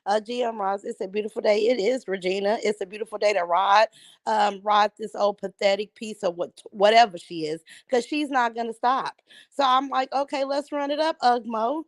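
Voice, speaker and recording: A woman's voice: mid-range voice, normal speed, dry recording. A woman hosting a casual morning livestream, greeting viewers by name and trash-talking a rival, with a strained voice. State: voice sounds strained. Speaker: livestream host.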